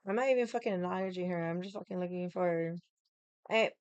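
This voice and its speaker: A woman's voice: fairly low pitch, quick pace, dark tone, clean tone, no echo, dull audio. Blunt, heated woman storyteller. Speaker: vlogger. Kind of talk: casual storytelling. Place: home room with the AC running.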